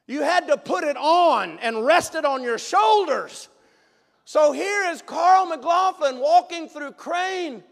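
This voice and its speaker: Pastor guy with a really high voice, animated sermon story, long echo in a big church. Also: gravelly. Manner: animated, emphatic, bursts of shouting. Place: church sanctuary. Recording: long reverb of a large hall.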